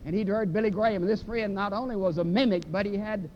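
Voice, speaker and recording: High-voiced preacher, emphatic. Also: male voice, fast talker. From Mississippi, USA. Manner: emphatic, stretches key words, repeats phrases for effect. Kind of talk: sermon. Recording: dull lo-fi recording with faint rumble.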